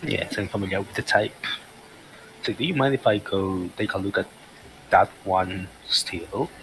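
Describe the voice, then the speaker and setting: A man playing a tabletop game, speaking slowly and measured in character as an inspector. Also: fairly low pitch, a bit bright, a little hiss or hum, low-quality recording. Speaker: player.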